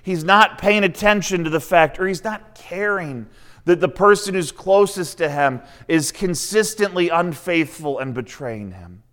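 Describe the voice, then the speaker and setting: A man's voice: sits high, expressive, unhurried, fairly bright tone. A man giving a sermon, retelling a scripture story in a conversational way with asides to the listeners. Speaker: preacher.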